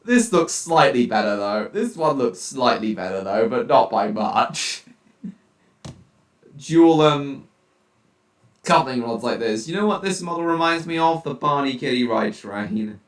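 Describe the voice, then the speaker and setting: A man's voice: medium pitch, expressive, measured pace. Chatty teen boy, roomy distant mic. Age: teens. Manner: chatty, reacting aloud to viewer chat messages. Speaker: live streamer. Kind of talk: casual live-stream chat while gaming.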